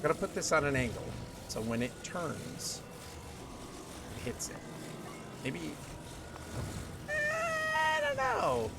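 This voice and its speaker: A man's voice: mid-range voice, a little slow, gravelly, pauses often, very noisy. A man streaming a video game, chatting playfully with viewers and singing snatches of songs. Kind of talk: casual gameplay chat with chat readers. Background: game music.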